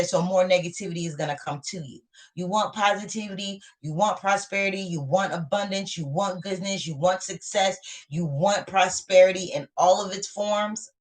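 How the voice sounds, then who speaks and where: A woman giving a live tarot reading to viewers, talking in a motivational way and repeating her points for emphasis. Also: on the low side. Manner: repetitive, motivational, affirming. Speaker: tarot reader.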